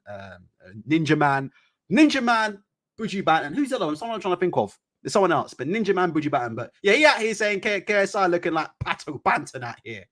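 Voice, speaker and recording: A man chats live about boxing from a room at home. His voice sits a little high and swings widely in pitch, loose and repetitive, with plenty of swearing and loud laughs. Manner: animated, repetitive, swears freely, laughs loudly. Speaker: host of a live boxing chat stream. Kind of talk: casual live-stream chat.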